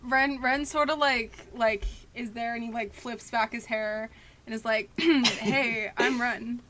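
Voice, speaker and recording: Female player, high bright voice, playful and chatty. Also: level tone, a little slow, a little hiss or hum, low-quality recording. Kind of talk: casual chat.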